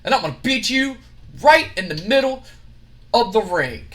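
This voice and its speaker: A man's voice: extremely high pitch, expressive, moderate pace, a bit bright. A man voicing a cocky male wrestling champion who answers a challenge with firm defiance. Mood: defiant.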